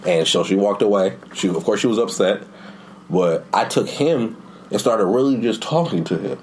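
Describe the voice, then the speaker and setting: Low-voiced man telling animated stories. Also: normal speed, slight background noise, poor audio. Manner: animated storyteller, jumps high to quote kids. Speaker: podcast guest. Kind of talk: casual storytelling chat.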